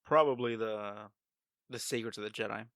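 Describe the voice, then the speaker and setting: A man's voice: lowish voice, moderate pace, a bit bright, no room sound. A man co-hosting a podcast in casual chat, playful and teasing with his co-host. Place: home studio on video.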